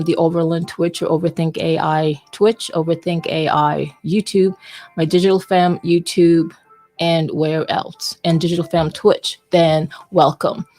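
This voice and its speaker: A woman's voice: fairly low pitch, a little mellow. A woman hosting a weekly online community talk, chatting casually and thinking aloud with a self-mocking, rambling manner. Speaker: community space host. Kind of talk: casual livestream chat.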